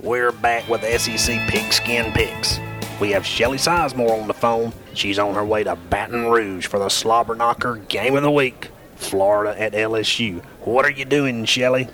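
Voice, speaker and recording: A man's voice: mid-range voice, huge pitch swings, normal speed, sharp tone, faint music behind. A man playing a blunt coach who hosts a comedy sports radio show. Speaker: coach character, show host.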